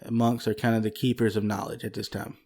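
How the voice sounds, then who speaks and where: A man with a warm, mellow voice tells history on a laid-back podcast. He talks into a desk microphone in an easygoing way and laughs often as he explains. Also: lowish voice, little pitch movement, quick pace. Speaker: podcast co-host. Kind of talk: casual podcast history talk.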